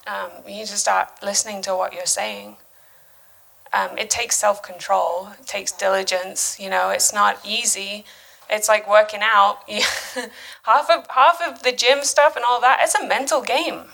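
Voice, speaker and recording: A woman, likely in her thirties, giving a casual, chatty sermon at her church, animated and full of asides and fillers. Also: mid-range voice, gravelly, low-quality recording. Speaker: speaker at a church.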